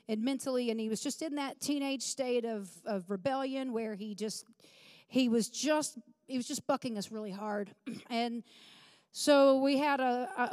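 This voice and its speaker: High-voiced woman pastor, fervent, hall reverb. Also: darkish tone, clear, resonant tone, clean studio sound. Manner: fervent, emphatic praying, then earnest storytelling. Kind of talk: sermon with prayer and personal story. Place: church sanctuary. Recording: long reverb of a large hall.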